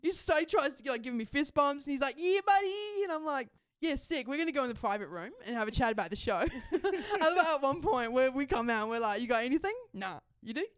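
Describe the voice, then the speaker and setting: Lively high-voiced woman laughing. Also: fast talker, few pauses, smooth, dry recording, studio quality. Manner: laughs often, excitable storytelling. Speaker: podcast co-host. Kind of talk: casual chat.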